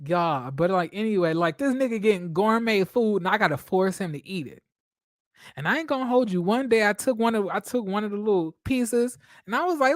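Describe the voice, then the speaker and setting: A man hosting a casual live stream from home, telling stories in a dramatic, expressive way, swearing freely and laughing often. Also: sits high, moderate pace, dry recording, clean studio sound.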